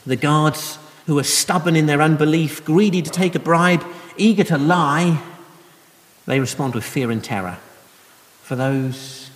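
Gentle preacher in a reverberant hall. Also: male voice, medium pitch. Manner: gentle, conversational explaining with soft laughs. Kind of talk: sermon.

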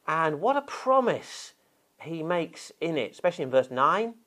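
Male preacher, expressive delivery with lively pitch, leans on key words. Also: normal speed. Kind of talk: sermon.

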